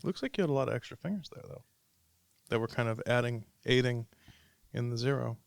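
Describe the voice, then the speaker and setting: A chatty, teasing man talks casually with friends in a podcast studio. His voice sits at an ordinary middle pitch. The sound is dry and close to the mic. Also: fairly quick, vocal fry, dry recording. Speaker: podcast host. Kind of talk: casual chat.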